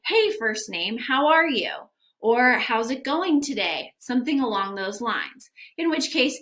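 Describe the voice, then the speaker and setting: A woman's voice: on the high side, sharp tone. A young adult woman giving a casual, upbeat lesson on sales follow-up, acting out sample text messages as she goes. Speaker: sales coach for gym owners. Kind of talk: instructional video talk.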